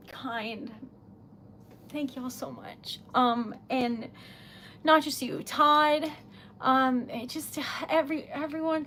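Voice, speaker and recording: Giggly high-voiced woman, slow and emotional. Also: a bit bright, slight background noise. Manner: giggly, emotional, tearful gratitude. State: losing her voice. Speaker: livestream host. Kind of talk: casual livestream chat. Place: home at midnight.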